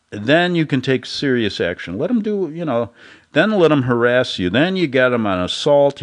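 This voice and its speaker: A man hosting a commentary show, talking in a rambling, casual way and chuckling at his own jokes. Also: mid-range voice. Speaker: host.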